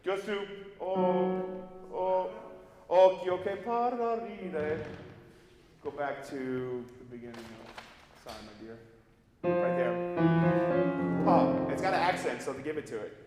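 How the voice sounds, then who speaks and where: A man's voice: on the high side, takes it slowly, pauses often. A man leading a singing master class, explaining diction and breath and singing short examples as he goes. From United States. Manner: lively, demonstrative, sings vocal examples mid-sentence. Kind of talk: coaching singers in a master class. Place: large recital hall. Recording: echoey hall recording from far off, faint piano.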